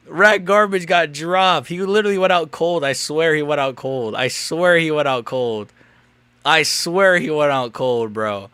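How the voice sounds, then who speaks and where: A young man live-streaming a fight watch-along, rambling and crude, quick to get loud. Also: fairly high pitch, smooth, dry recording.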